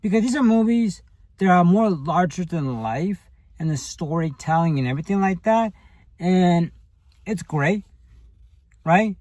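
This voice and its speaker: High-voiced rambling man. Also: lively intonation, measured pace, long pauses, darkish tone, no room sound, rough recording. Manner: rambling, full of fillers and tag questions. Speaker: movie reviewer. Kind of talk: casual spoken movie review.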